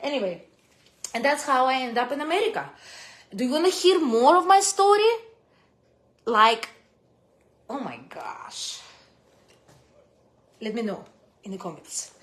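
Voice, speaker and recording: A woman from Kazakhstan with a Russian accent tells personal stories casually to the camera. She is animated, with big swings in pitch and loudness, and her grammar is non-native. She speaks unhurriedly, leaving long pauses.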